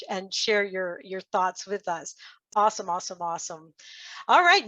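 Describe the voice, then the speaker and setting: A woman's voice: medium pitch, fairly bright tone, no room sound, dull audio. A woman moderating a panel on a casual group call, upbeat and encouraging.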